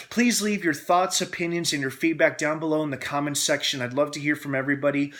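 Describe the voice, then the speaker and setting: A young man hosting a casual film review, excitable and gushing, acting out scenes as he retells them. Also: a little high, fast talker, few pauses.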